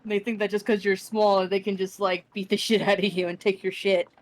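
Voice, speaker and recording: A woman's voice: mid-range voice, level tone, fairly quick, slight background noise. A young adult woman narrating a tabletop game as game master, rambling with lots of restarts and fillers. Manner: rambling, full of likes and restarts.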